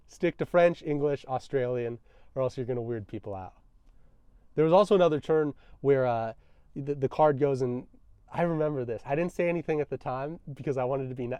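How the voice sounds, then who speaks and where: A man's voice: mid-range voice, warm tone, no echo. A young man vlogging, telling a road-trip story in a casual, wry, self-deprecating way.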